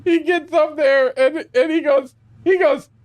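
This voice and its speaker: A man's voice: very high voice, steady tone, a little slow. A gaming streamer, a man, tells a rambling, profane anecdote and laughs all through it, with lots of exclamations. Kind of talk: casual storytelling while gaming.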